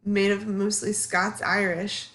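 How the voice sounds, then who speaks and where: A woman in her thirties teaches a history class in a relaxed, conversational way. She leans on fillers like "um" and keeps checking in with her students through quick questions. Her pitch sits in an ordinary middle range. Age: 30s. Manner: casual, chatty, filler-heavy, asks the class questions. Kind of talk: classroom lecture.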